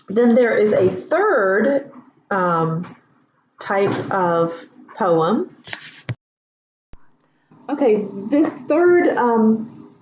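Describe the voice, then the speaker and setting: A woman teaching a writing lesson in a casual, relaxed way, with lots of ums and asides. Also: on the high side, slight background noise. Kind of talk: casual classroom instruction. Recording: echoey room, dull lo-fi sound.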